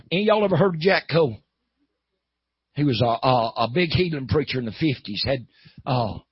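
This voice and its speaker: A man's voice: on the high side, no echo. A man preaching a folksy sermon, telling a story that climbs to hollering. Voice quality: gravelly, husky. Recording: dull, lo-fi.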